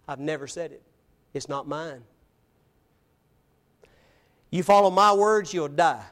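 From the pulpit of an evening church service, a preacher with a high voice drives home his message emphatically through rhetorical questions. He moves between booming statements and hushed asides, speaking unhurriedly with long pauses.

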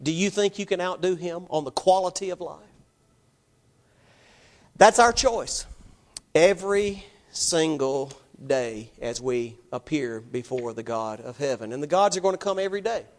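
A man's voice: fairly high pitch, animated, measured pace. A man preaching a sermon to his congregation, putting emphatic rhetorical questions to them. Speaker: pastor.

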